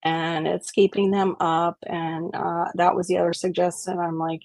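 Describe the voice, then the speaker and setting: A woman's voice: on the low side, flat delivery, normal speed, few pauses, darkish tone, dry recording, low-quality recording. A woman hosting a gardening live stream, chatting casually and earnestly telling stories.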